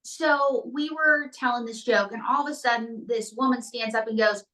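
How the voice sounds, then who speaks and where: A woman ventriloquist chatting as an interview guest with a bright, fairly high voice. She tells quick, jokey stories, and her voice sounds a little distant from the mic. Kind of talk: comedic interview chat.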